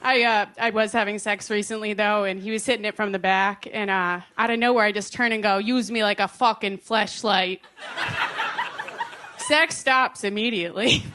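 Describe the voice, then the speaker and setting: Bright-voiced woman with a Boston accent. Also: mid-range voice, steady tone, a little fast, few pauses, a little hiss or hum. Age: young adult. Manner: crude punchlines delivered bluntly. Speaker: stand-up comedian. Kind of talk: stand-up set.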